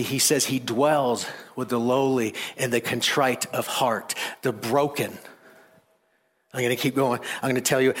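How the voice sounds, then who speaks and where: A man preaching a sermon, animated, rising loud and high to make his points.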